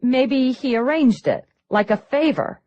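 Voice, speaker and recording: Brash young ex-grifter read by a woman: high, bouncy, lively, quick. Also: no room sound, lo-fi sound. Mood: brash, upbeat. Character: bubbly young female ex-grifter performer, brash.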